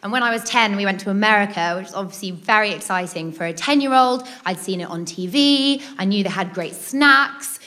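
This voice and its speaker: A woman's voice: mid-range voice, brisk, hardly any pauses, bright, forceful tone. A British woman telling a personal story to an audience in a chatty, amused, self-mocking way. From Britain. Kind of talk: personal anecdote told to a live audience.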